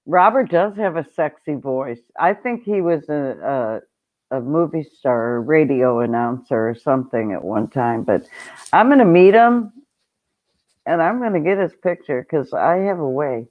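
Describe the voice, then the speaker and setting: Woman host, unhurried casual livestream chatter, tinny phone-like sound. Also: deep voice, lively intonation. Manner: chatty, laughs often, greets viewers.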